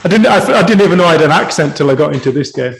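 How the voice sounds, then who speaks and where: A man's voice: a little high, animated, rapid-fire, vocal fry, roomy sound, low-quality recording. A man hosting a retreat chat, jovial and chatty, laughing often. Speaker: retreat host. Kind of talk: casual chat.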